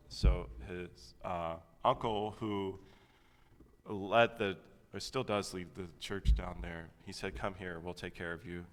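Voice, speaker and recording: Smooth-voiced man preaching in a reverberant church. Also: deep voice, a bit bright. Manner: conversational, rambling with fillers. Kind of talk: sermon. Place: church sanctuary. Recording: long hall reverb.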